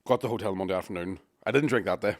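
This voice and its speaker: Man, podcast co-host, casual storytelling, heavy swearing, loud impressions, dry close sound. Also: low voice, racing, dry recording. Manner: swears a lot, lively storytelling with shouted impressions.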